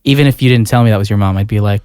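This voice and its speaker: A man's voice: on the low side, racing, darkish tone, clean tone. A man hosting a casual podcast conversation, listening supportively and chiming in with short reactions. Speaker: podcast host.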